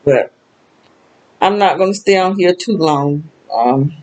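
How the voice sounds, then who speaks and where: A woman's voice: low voice, takes it slowly, a little mellow, poor audio. An older woman with a Southern US accent talking alone to the camera in a rambling, emotional way, feeling sad. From American South. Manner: rambling, emotional, with frequent laughs and exclamations. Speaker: vlogger. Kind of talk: casual personal monologue.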